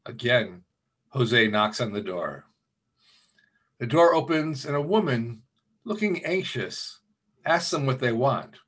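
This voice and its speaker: A man's voice: mid-range voice, big pitch swings, slow, pauses often, a bit bright, breathy edge. A man, the minister, telling a Christmas story during a church service and lightly voicing the characters.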